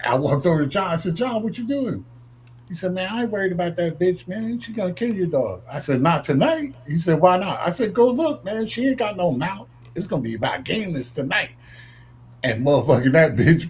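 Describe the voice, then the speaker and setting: Brash guy from up north telling stories, kinda high voice, super raspy. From northern United States. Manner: brash, swaggering, acts out quotes in raised voice. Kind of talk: profane storytelling.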